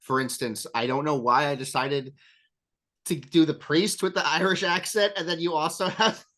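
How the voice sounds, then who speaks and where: A man's voice: fairly high pitch, fairly even intonation, normal speed, sharp tone. A man chatting casually as a game master, rambling with self-deprecating asides. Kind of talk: casual chat.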